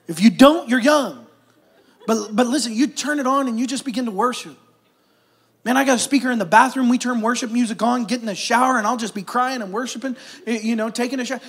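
A middle-aged man, a pastor preaching a sermon, animated at times and then dropping to soft, hushed stretches. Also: very high-pitched, fairly quick, husky.

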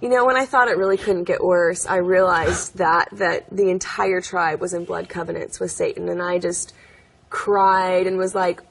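A young adult woman with a slightly husky voice speaks as an interview guest. She tells her stories earnestly and chattily, with plenty of fillers and frequent laughs. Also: on the low side, fairly even intonation, moderate pace. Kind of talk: interview storytelling.

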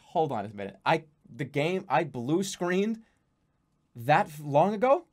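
A man's voice: a little high, measured pace. Male streamer at a home desk mic, fed-up rant, voice swinging all over, lots of cursing. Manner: exasperated, swearing, animated storytelling. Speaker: game streamer. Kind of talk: ranting live stream chat.

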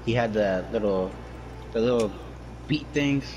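A man's voice: fairly low pitch, unhurried, dull audio. A man joking and swearing casually while chatting with friends over a game. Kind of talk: casual gaming chat with friends. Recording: loud background noise.

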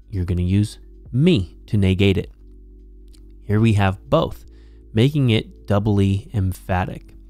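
A man teaching New Testament Greek, slowly and methodically walking through a verse as a Bible teacher. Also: fairly low pitch, warm tone. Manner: slow, methodical explaining. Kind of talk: Greek grammar lesson.

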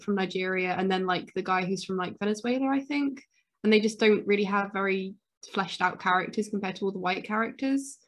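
A woman co-hosting a podcast in casual chat, rambling with many fillers and self-corrections. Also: medium pitch. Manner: excitable, gasps and exclaims. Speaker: podcast co-host.

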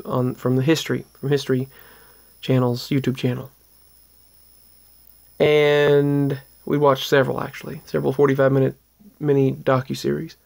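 A vlogger with a creaky, darkish, mid-range voice earnestly describes paranormal goings-on at his house. His casual telling rambles, and he keeps starting sentences over and drifting into asides.

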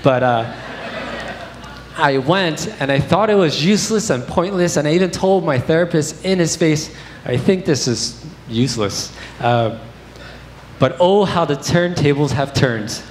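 A man's voice: a little high, expressive, measured pace. Young male preacher, candid storytelling sermon, roomy church echo, faint noise. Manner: candid, conversational storytelling with fillers. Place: church sanctuary.

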